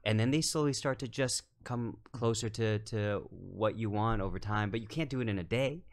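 A man talking in a casual podcast, a film director explaining his work in a relaxed, thoughtful way with many fillers. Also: on the low side, normal speed. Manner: relaxed, thoughtful, lots of "you know" and "like".

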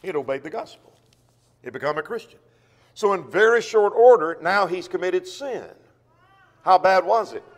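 A man's voice: high-pitched, expressive, normal speed, pauses often, in a large hall. A man preaching a sermon who reads scripture aloud and poses rhetorical questions to the congregation. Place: church auditorium.

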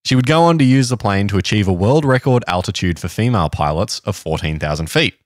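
Animated, deeper-voiced Australian man. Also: quick pace, dry recording, clean studio sound. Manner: reads history notes, jokey asides. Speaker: podcast co-host. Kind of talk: casual storytelling chat.

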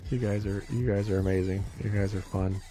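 Hosting a casual live stream, this man rambles playfully with his viewers, often laughing as he stumbles over and repeats words. His voice sits fairly low.

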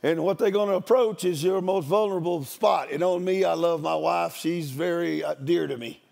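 A man's voice: on the high side, moderate pace, gravelly, a little mellow. An older man, a guest preacher, giving a storytelling sermon in a folksy, joking country manner.

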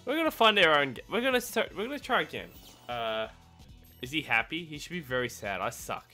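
Gamer host, loud and jumpy, sharp bright voice, pitch leaping all over, cursing at their own mistakes. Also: a little fast, soft background music. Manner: excitable, yelps and shouts at the game; swears and mocks own skill. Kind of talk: let's-play gameplay commentary.

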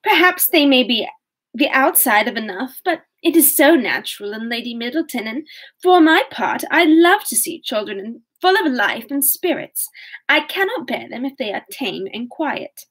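A woman putting on a gushing flatterer. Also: high-pitched, moderate pace, slightly rough, exaggerated voice. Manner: effusive and sugary.

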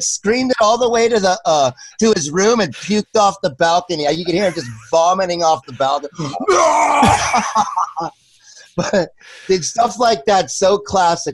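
Male podcast co-host, high voice, loose profane storyteller, dry close mic. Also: dry recording. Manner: loose, profane storytelling with loud put-on bits. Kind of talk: casual chat.

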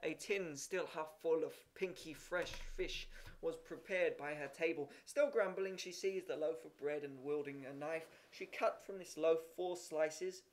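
A man's voice: on the high side, measured pace. A man reading a story aloud, with occasional slips and restarts. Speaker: reader. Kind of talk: amateur audiobook reading.

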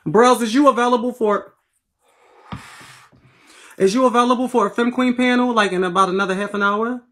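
A high-voiced woman from Philadelphia chats into her phone on a late-night livestream. She is sassy and playful, with quick slangy, profane banter and a steady stream of thanks to her viewers. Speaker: livestream host. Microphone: phone livestream app.

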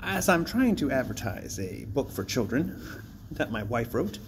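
A man's voice: mid-range voice, big pitch swings, measured pace, noisy background. A man rambling in a casual vlog, chatty and self-mocking, often breaking into laughter. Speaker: vlogger. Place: outdoors by a bridge.

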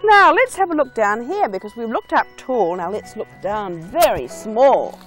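A woman with a New Zealand accent, a children's author presenting an educational video in a slow, singsong storytelling way. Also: on the high side, very animated, faint music behind.

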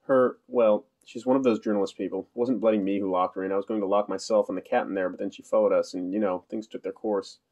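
Guy voicing a sour defensive old grump, storybook, gruff mutter, low and dark. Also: fairly even intonation, fast, few pauses, highs cut off. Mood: grumpy.

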